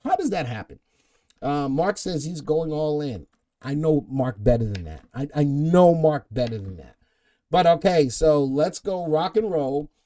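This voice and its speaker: A man's voice: a little high, animated, a little slow, mellow. A middle-aged man hosting a live stock market show, joking with puns and reading viewer comments aloud. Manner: playful, punning, reads viewer comments aloud.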